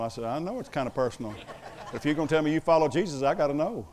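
A man's voice: medium pitch, fast talker, darkish tone. A man preaching a sermon as pastor to his congregation, emphatic and mixing in humorous asides.

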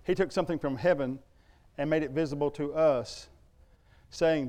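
A man's voice: fairly high pitch, moderate pace, darkish tone. A middle-aged man preaching a sermon in a church, emphatic and conversational, full of rhetorical questions. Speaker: pastor.

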